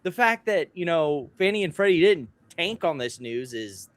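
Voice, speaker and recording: A man's voice: on the high side, very animated, moderate pace, fairly bright tone, no echo. A man co-hosting a casual commentary show, sarcastic and exasperated, on a close mic. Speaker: co-host.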